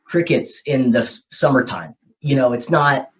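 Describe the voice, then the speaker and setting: A man hosting a podcast, thinking out loud as he explains ideas at a whiteboard and often checks in with "okay?" and "right?". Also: medium pitch, animated, normal speed. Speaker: podcast host. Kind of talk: casual explanatory podcast talk. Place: room with a whiteboard.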